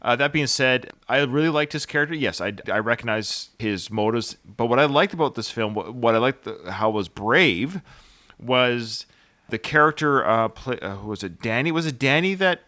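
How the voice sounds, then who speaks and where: A man's voice: medium pitch, lively intonation, moderate pace, sharp tone, no room sound, clean studio sound. A man co-hosting a casual film podcast, talking hesitantly with frequent restarts and filler words. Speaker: podcast host.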